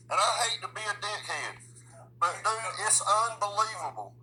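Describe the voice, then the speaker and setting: A man vents into his phone camera out on a residential street, blunt and cussing at every turn. His voice is husky and sits a bit high for a man, with a piercing, tense edge to it. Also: animated, moderate pace, sharp tone, low-quality recording. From Midland, US South. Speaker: vlogger. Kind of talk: angry profane rant to camera.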